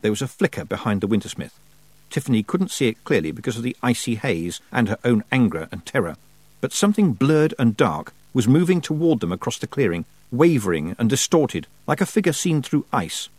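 A man narrating an audiobook with expressive storytelling and wry timing. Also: mid-range voice, brisk, dry recording.

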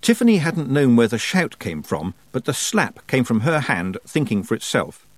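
A man narrating an audiobook with expressive storytelling and wry timing. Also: mid-range voice, moderate pace, no room sound.

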